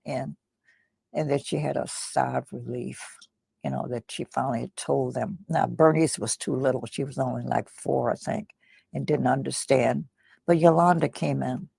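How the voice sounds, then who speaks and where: An elderly woman, a guest in an interview, shares personal memories in a deeply gravelly, husky, mellow voice. She speaks slowly and reflectively, often dropping almost to a whisper, and the close, dry recording has no room echo.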